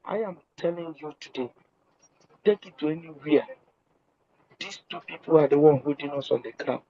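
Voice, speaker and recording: On a muffled, lo-fi phone line with faint noise in the background, a caller in a live audio room speaks from a public place. His voice is mellow and moderately paced; he begins quietly, sounds hesitant and apologetic, and repeats himself to get his point across.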